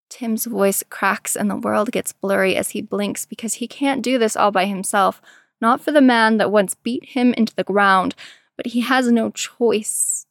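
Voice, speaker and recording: A woman reading a story aloud in a slow, measured storytelling manner. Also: mid-range voice, steady tone, dry recording, studio quality. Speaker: narrator. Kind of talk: fan fiction reading.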